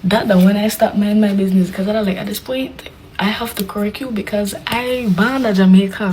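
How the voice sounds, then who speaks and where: A young woman tells a story casually, animated and dramatic, with hushed asides. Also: mid-range voice, a little hiss or hum, rough recording. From Belize. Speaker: vlogger.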